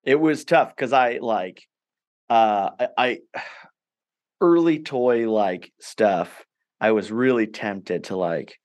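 A man's voice: on the low side, takes it slowly, a little mellow. A man hosting a podcast in a casual, laid-back chat, calling his guest man and bro. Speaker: podcast host.

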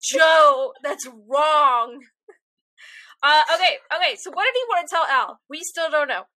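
Young woman, casual podcast chat, self-deprecating, very high pitch. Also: fast, no echo. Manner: animated, rambling, self-deprecating. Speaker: podcast co-host.

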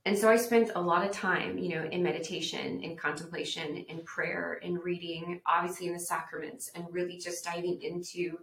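A woman's voice: on the low side, fairly even intonation, normal speed, hardly any pauses, a bit bright. A woman podcast guest telling her personal testimony in an earnest, reflective way, acting out the voices she quotes. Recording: roomy echo.

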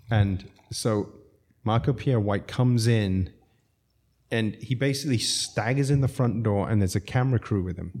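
A man from Zambia, a restaurateur guest, telling animated anecdotes in casual chat, laughing often and acting out quotes. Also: fairly low pitch.

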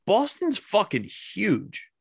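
A man's voice: high voice, wildly swooping pitch, takes it slowly, gravelly, husky, no room sound, clean studio sound. Profane, rambling man talking sports. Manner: loose, profane, rambling with lots of "like". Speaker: podcast host. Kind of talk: casual sports podcast chat.

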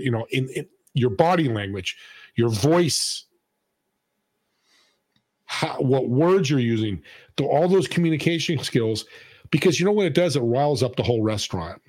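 Animated man telling stories, dry sound. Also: mid-range voice, normal speed, long pauses, dry recording. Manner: animated storyteller acting out quoted voices. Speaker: podcast host and guest. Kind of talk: storytelling in casual conversation.

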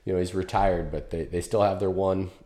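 A man hosting a podcast, chatting casually over a remote call, mostly giving short agreeing replies and sometimes telling a relaxed story. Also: sits low, fairly quick. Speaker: podcast host. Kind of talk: casual conversational interview.

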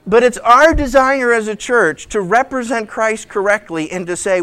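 A pastor preaching a lively sermon, acting out the voices of the people and figures he describes. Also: extremely high pitch, normal speed, smooth, no echo. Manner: animated, acts out voices of people and Jesus.

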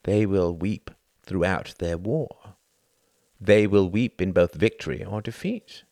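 A man's voice: sits low, takes it slowly, warm tone, no room sound. A man reading an audiobook, voicing a scornful, theatrical Englishman who drifts between brooding and sardonic outbursts.

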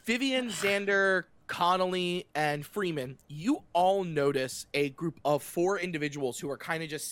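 A man's voice: high-pitched, fairly bright tone, no echo. A man narrating a tabletop game as game master, talking casually and describing scenes loosely with fillers and restarts.

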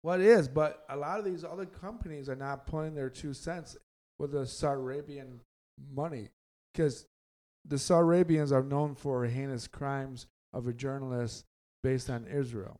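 A man's voice: mid-range voice, steady tone, normal speed, darkish tone. A man hosting a casual sports podcast, loose and rambling, often joking. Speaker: podcast host.

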